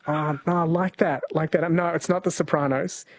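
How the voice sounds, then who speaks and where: A New man hosting a radio quiz, chatty and quick to laugh as he reads listener texts. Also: on the high side, fairly even intonation, slightly rough, no echo. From New Zealand. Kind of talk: casual radio chat. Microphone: studio microphone.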